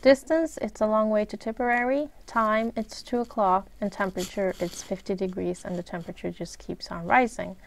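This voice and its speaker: With a medium-pitched, level voice touched by vocal fry, this English teacher, a native Swedish speaker with a Swedish accent, walks through a recorded grammar lesson. Her pace is measured; she lists examples individually and frequently pauses with "uh."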